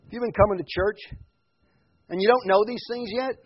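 A man preaching a sermon in a church, loud when quoting scripture and quiet in his asides. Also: high-pitched, fairly quick, pauses often, husky. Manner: swings from loud emphatic quotes to quiet reflective asides. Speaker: pastor. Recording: muffled lo-fi church recording.

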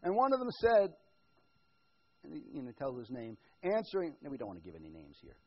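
A man preaching a conversational sermon as pastor, shifting from quiet asides to loud, emphatic build-ups. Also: sits high, wildly swooping pitch, a little fast, breathy edge, lo-fi sound.

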